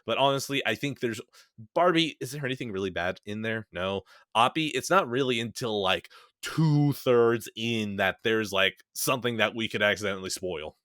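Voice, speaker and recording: A man co-hosting a casual film podcast, talking in an excitable, playful way, swearing and quick to laugh. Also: fairly low pitch, no room sound, clean studio sound. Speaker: podcast co-host.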